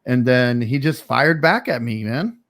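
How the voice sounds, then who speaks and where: A streamer host with a medium-pitched, fairly bright voice and lively intonation chats casually on a livestream. He tells a story at an unhurried pace, rambling and laid-back, with plenty of fillers.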